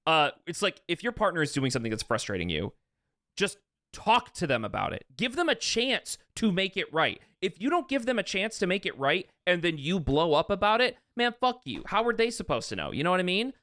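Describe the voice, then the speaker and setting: Ranting man with fairly high, lively voice. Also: a little fast, no echo, clean studio sound. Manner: heated ranting, swears often. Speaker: podcast co-host. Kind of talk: casual chat.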